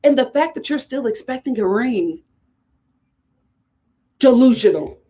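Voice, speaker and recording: A woman's voice: a little high, animated, unhurried, warm tone. A young woman giving a casual, sassy recap of a reality TV episode, often talking straight to the people on screen. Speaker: reality TV reviewer.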